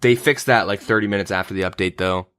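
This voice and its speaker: A man's voice: low voice, fast, smooth, no room sound, studio quality. Young canadian guy on a gaming podcast, laid back, says like a lot. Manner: relaxed, many fillers like "like" and "um". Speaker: podcast host. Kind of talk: casual gaming chat.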